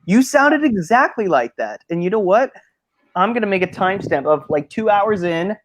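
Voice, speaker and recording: Animated male co-host with lively pitch and a jokey, mimicking way of talking, on dry, slightly dull audio. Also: moderate pace, no echo. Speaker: podcast co-host. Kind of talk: casual chat on a stream.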